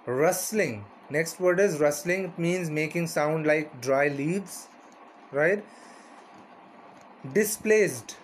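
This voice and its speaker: A man's voice: fairly high pitch, takes it slowly, long pauses, slight background noise. A man teaching a vocabulary lesson, repeating each word and its meaning and often asking "right?".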